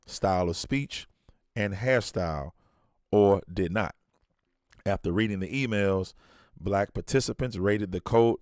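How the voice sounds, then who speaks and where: A man's voice: lowish voice, a little mellow, no echo, clean studio sound. A man hosting a podcast, reading a study aloud and breaking off for blunt, colloquial asides, often restarting his sentences. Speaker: podcast host.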